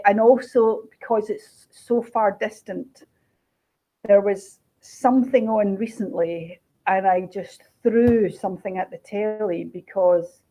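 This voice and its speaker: A woman chats easily about her writing, lively and quick to laugh. Her voice sits at an ordinary middle pitch. The sound is a bit muffled and lo-fi, like a video call. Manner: chatty, animated, laughing asides. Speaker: crime author. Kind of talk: casual interview chat. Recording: dull lo-fi video call audio.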